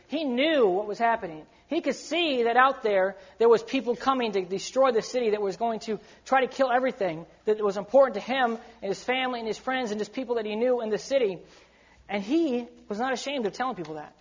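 A man's voice: very high-pitched, a little fast, dull audio. A man preaching to young people in an urgent, emphatic sermon, often acting out what people might say. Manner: emphatic, urgent, slips into quoted voices. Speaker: youth preacher.

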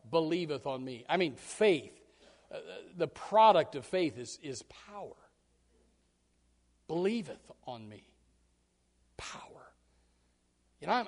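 A pastor preaching a sermon, repeating key words for emphasis and stumbling over restarts, swinging from low and quiet to high and loud. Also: male voice.

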